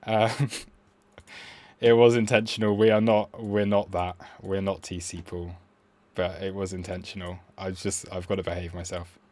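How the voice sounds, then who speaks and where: A man's voice: sits low, little pitch movement, moderate pace, a little mellow. A man hosting a live trading stream, chatting casually with frequent fillers and self-mocking asides.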